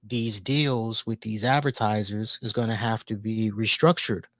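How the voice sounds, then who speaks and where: A man's voice: on the low side, unhurried, no room sound, studio quality. A man co-hosting a talk show, ranting casually with lots of swearing and jokes. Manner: animated, heavy swearing, jokey. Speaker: podcast co-host. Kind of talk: casual profane rant.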